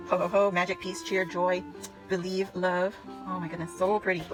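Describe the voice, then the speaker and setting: A woman excitedly chatting through a scrapbooking haul, gushing and squealing with delight. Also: lowish voice, brisk, rough recording. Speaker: scrapbooking vlogger. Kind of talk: excited haul video chat. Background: background music.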